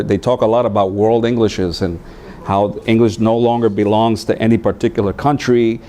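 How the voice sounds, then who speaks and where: A man training new teachers, telling stories in an animated way and acting out voices. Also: on the low side. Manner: animated storytelling, acts out voices.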